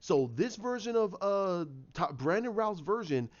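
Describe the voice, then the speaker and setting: A man giving a casual, animated review of a TV episode, ranting, swearing and acting out the characters' lines. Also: sits high, a little slow, dull audio. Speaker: YouTube show reviewer.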